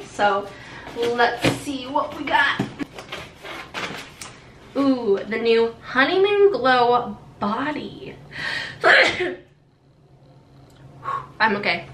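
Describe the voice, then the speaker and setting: A woman's voice: high-pitched, sharp tone. A young woman gushing and laughing as she unboxes gifts in a casual vlog. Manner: bubbly, gushing, laughs often. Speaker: beauty vlogger. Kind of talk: excited haul unboxing chat. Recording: echoey room, faint noise.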